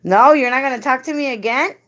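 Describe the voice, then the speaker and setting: A woman's voice: sits high, quick pace, a bit bright. A woman hosting a casual live stream, coaxing and doting as she talks to a man beside her.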